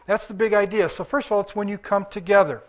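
Casting: high-voiced male pastor, chatty preaching with asides. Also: fairly even intonation, quick pace. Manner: conversational preaching with asides and chuckles. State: limping after surgery. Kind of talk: sermon.

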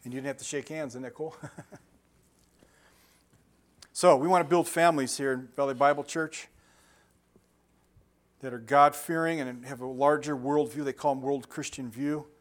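A man's voice: medium pitch, fairly even intonation, normal speed, long pauses. A man preaching a sermon in a church, conversational and joking, often chuckling and putting questions to the congregation. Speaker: pastor. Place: church sanctuary.

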